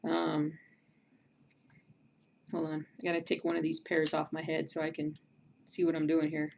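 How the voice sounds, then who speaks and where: A woman hosting a casual livestream chat, reading viewer comments aloud between bursts of excitement. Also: low voice, normal speed, vocal fry, a little hiss or hum. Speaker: stream host.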